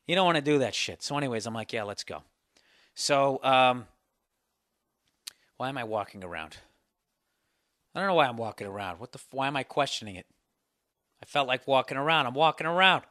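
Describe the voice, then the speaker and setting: A man's voice: medium pitch, animated, fairly quick, long pauses, bright, forceful tone, dry recording, clean studio sound. Profane ranting man on a podcast. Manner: rambling, profane, ranting comedic storytelling. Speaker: podcast host. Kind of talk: casual solo podcast monologue.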